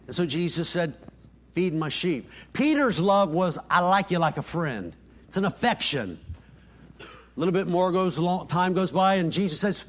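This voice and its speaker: A man preaching a sermon as pastor, acting out quoted dialogue and sinking to soft, hushed lines for emphasis. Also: animated, normal speed. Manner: preaching, dropping to soft near-whispers on key lines; voices quoted dialogue with rising pitch.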